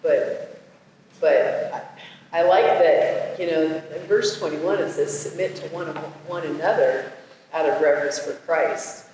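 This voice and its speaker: A man with a slightly raised voice speaks earnestly and haltingly about his marriage. He is far from the mic in a very echoey room with a long reverb tail. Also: on the high side, a little mellow, slight background noise. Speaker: married discussion participant. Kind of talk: casual Bible discussion.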